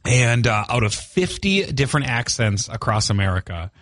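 A man's voice: medium pitch, sing-song, moderate pace, a bit bright, dry recording. A man from Minnesota with a Minnesotan accent co-hosting a morning radio show, joking and chatty as he walks through a study in a studio. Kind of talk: casual on-air banter. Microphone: studio microphone.

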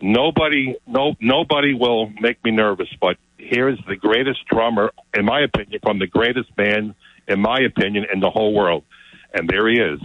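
A man telling an excited story as a guest, often repeating his words. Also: fairly low pitch, moderate pace, no echo. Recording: dull, lo-fi sound.

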